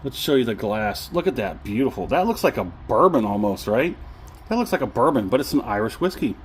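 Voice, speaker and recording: A man's voice: mid-range voice, big pitch swings, brisk, slight background noise, low-quality recording. A middle-aged man giving a casual whiskey tasting review, effusive and savoring, humming and chuckling as he talks.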